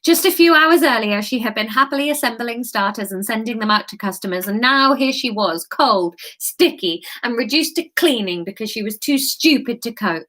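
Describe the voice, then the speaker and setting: A woman's voice: fairly high pitch, animated, moderate pace, few pauses, fairly bright tone. A woman reading her own book aloud, breaking off into giggly, self-mocking asides. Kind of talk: casual read-aloud livestream.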